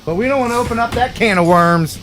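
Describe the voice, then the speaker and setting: A man's voice: extremely high pitch, fast talker, soft background music. A man in his fifties hosting a live drone stream, joking and reading out viewer donations. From United States. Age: 50s. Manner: jokey, animated, reads out viewer donations.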